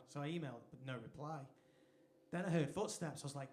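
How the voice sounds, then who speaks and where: Between songs at a live show, a man from England, a singer-songwriter, tells a talkative story at his own expense. He talks fast in a medium-pitched, darkish voice. Slight background noise sits in the echoey live-venue sound.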